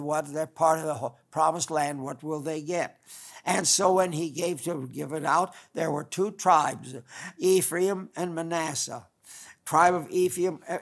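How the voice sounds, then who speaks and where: A man's voice: a little high, fairly bright tone, breathy edge. An older man, a pastor, preaching a folksy, rambling sermon full of restarts.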